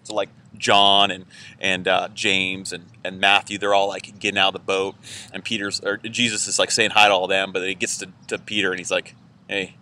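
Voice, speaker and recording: Low-voiced guy pastor talking through a sermon real casual, lots of fillers, bright edgy tone. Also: little pitch movement, fairly quick. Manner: casual and conversational, many "like"s and fillers. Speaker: church pastor. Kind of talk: informal weekend sermon message.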